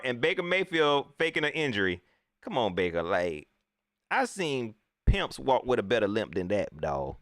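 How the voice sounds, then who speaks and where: In a joking livestream about his football team, a sports vlogger talks loose and slangy, a little slowly. His pitch jumps around in an animated, lively way, and the sound is dry and close with no echo.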